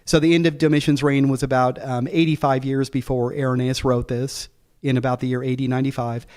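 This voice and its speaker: A man teaching a Bible class explains passages casually, thinking aloud with many fillers and restarts, and slows down when he reads the quotes. His voice is medium in pitch, flat in delivery, and somewhat dark in tone.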